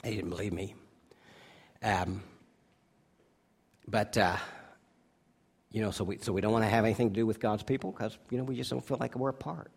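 A male pastor preaching a sermon, moving between loud, drawn-out emphasis and quiet, hushed asides. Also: lowish voice, steady tone, gravelly, slightly rough. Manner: stretches key words slowly for emphasis.

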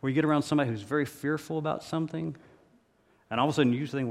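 Guy preaching, kinda high voice, hammers points over and over, long echo in the church. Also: racing, darkish tone. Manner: repetitive, emphatic preaching with humorous anecdotes. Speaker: pastor. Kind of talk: sermon. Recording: reverberant hall.

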